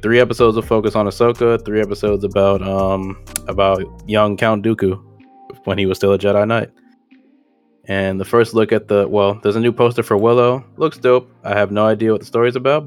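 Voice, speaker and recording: A man's voice: on the low side, clear, resonant tone. A man co-hosting a podcast, chatting casually in slang, rambling and correcting himself as he goes. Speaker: podcast co-host. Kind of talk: casual chat.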